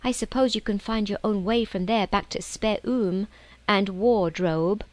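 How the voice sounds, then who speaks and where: A woman voicing a gentle, anxious male faun who is kind and remorseful, speaking softly and urgently in an audiobook reading. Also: mid-range voice, measured pace, no echo, lightly acted.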